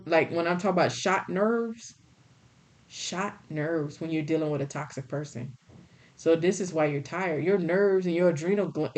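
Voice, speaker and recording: A woman's voice: lowish voice, a little mellow. A woman giving a spiritual tarot reading in a blunt, folksy, scolding way. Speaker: tarot reader.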